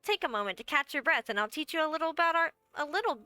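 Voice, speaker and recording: Momodi, a brassy tiny guildmaster. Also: female voice, high voice, expressive, fast talker, bright, forceful tone, no room sound, faint music behind. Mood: wry. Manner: wry, folksy storyteller. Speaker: game character. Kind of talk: game voice acting.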